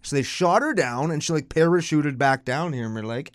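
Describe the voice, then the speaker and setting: A man's voice: fairly high pitch, brisk, dry recording, clean studio sound. A man co-hosting a podcast, joking around and swearing casually in a recording booth. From Canada. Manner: jokey, animated, swears freely. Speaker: podcast co-host.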